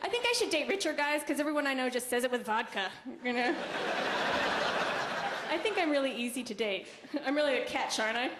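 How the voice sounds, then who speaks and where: A young woman doing a stand-up comedy set with a deadpan, conversational delivery and quick asides to the audience. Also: high-pitched. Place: comedy club stage. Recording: roomy club recording with noise. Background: audience laughter.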